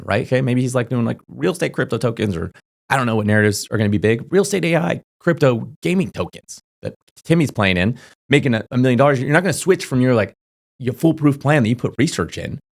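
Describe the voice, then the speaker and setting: A young man talking casually to camera, giving crypto advice in a rapid, emphatic way, full of fillers and checking in with "okay?". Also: medium pitch, lively intonation, creaky. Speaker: crypto YouTuber.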